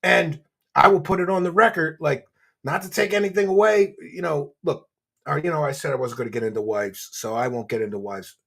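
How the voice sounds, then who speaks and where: A man hosting a commentary show, ranting and mocking, swinging between low muttering and loud shouting. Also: brisk, vocal fry, husky.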